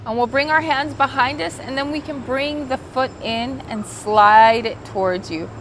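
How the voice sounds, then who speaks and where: A woman teaching a guided yoga class outdoors by the ocean, giving gentle, soothing, unhurried cues and slipping into Spanish now and then. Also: sits high, a little hiss or hum. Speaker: yoga instructor.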